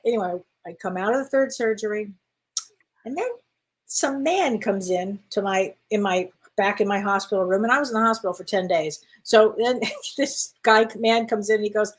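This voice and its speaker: A woman co-hosting a chat show, telling a personal story in an animated way and acting out the dialogue. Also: mid-range voice, normal speed. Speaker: co-host.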